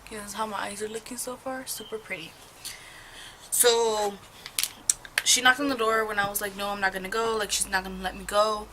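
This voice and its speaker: A woman's voice: medium pitch, steady tone, normal speed, long pauses, noisy background. A young woman in her home chatting casually while doing her makeup, telling a rambling, profane story full of gossip. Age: young adult. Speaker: beauty vlogger. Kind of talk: get-ready-with-me storytime chat.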